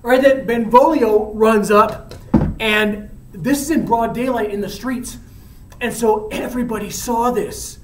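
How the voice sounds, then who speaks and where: A male teacher retelling a story in a casual, animated way with slang. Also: high-pitched, unhurried, background noise. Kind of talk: storytelling lesson. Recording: echoey room, mic at a distance.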